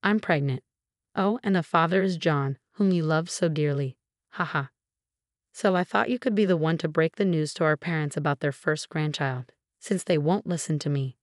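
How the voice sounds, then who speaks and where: An arrogant younger sister taunts her sibling in a storybook reading, done by a woman narrator. The voice sits low and close, with no room sound, and every line is delivered with smug mockery. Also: normal speed, no echo, lightly acted.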